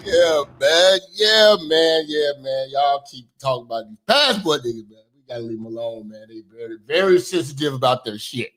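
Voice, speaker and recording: A man from hosting a casual commentary livestream, slangy and profane, swinging between loud shouting and low muttering and repeating phrases for emphasis. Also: lively intonation, moderate pace, hardly any pauses, a little hiss or hum. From Chicago. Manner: profane, slangy street talk. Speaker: commentary show host.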